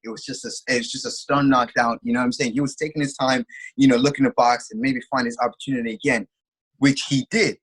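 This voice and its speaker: Husky man recapping a fight animatedly. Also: medium pitch, fast, rough recording. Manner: animated storytelling, many filler phrases. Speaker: co-host. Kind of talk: casual fight recap chat.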